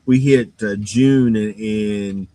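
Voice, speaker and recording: A man's voice: lowish voice, fairly even intonation, slow, mellow, no room sound, low-quality recording. A man who runs a game store, giving a rambling, casual shop update full of fillers and restarts and sounding a bit tired. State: yawning, tired.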